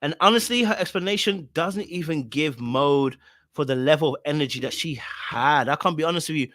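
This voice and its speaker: A man's voice: fairly high pitch, brisk, a bit bright, no echo. Emphatic slangy man, dry close sound. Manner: emphatic, repeats himself, blunt slang. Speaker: reaction commentator. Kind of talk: casual reaction commentary.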